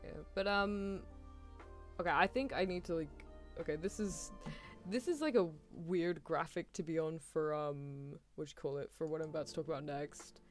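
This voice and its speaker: A woman's voice: deep voice, normal speed, soft background music. Chatty British young woman streamer. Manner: chatty and animated, with frequent laughs and apologies. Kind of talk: casual chat.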